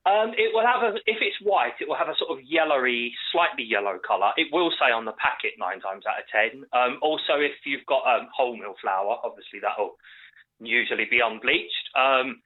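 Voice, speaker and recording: A male caller heard over a thin, tinny phone line, talking casually and hesitantly with plenty of ums. His voice sits at an ordinary middle pitch. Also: animated, brisk. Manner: casual, explains things with many ums. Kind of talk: phone-in chat.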